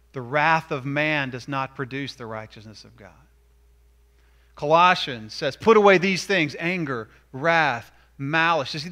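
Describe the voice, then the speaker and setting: A man preaching a sermon from the pulpit. His voice sits a little high and rings bright and forceful. He talks in an easy, conversational way and leans in hard on the lines he stresses. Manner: conversational preaching, rising to emphatic. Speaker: pastor.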